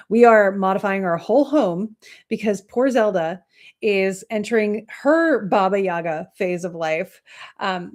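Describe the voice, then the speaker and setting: Chatty woman hosting a livestream. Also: medium pitch. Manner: chatty and rambling, many fillers and soft laughs. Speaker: astrology livestream host. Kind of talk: casual chat with viewers.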